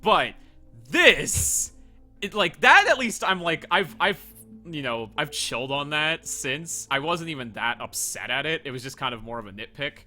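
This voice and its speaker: Male game streamer, excitable, casual, bright voice with a lively, bouncy pitch. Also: normal speed, faint music behind. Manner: excitable, animated, swears, laughs often. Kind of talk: casual game livestream chat.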